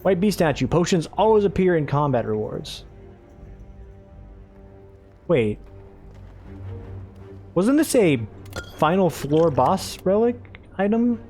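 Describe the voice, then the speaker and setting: A man's voice: high voice, sing-song, slow pace, pauses often, a little mellow. Man, let's play commentary, rambling, chatty, trips over words, casual swearing, faint music behind.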